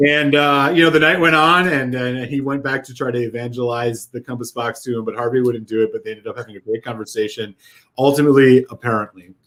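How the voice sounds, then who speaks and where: A man's voice: mid-range voice, fairly bright tone. A man co-hosting a casual whisky chat, telling a heartfelt, rambling story with lots of fillers. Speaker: whisky podcast co-host.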